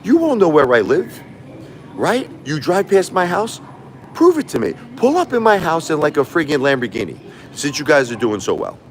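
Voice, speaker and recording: A man's voice: a little high, big pitch swings, moderate pace, slight background noise. A man livestreaming a combative, boastful rant, taunting his critics and repeating himself. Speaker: livestreaming YouTuber. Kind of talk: ranting livestream monologue.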